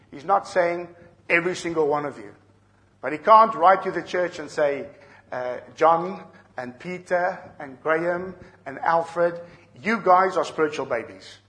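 A middle-aged man preaching a sermon, earnest and measured, dropping soft and then rising loud to drive a point home. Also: on the high side. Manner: earnest, swings from soft to shouting for emphasis. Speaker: pastor.

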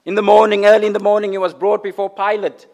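A man delivers a sermon in a notably high voice. He lifts his lines into loud declarations, then sinks to hushed, near-whispered phrases. He repeats words for emphasis. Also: completely flat delivery, fast, gravelly. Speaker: preacher.

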